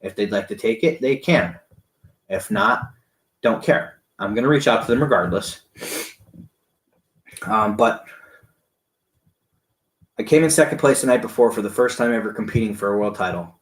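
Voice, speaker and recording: A man casually recounting a competition to the camera, rambling excitedly and acting out the cheering crowd. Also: on the low side, moderate pace, long pauses, roomy sound.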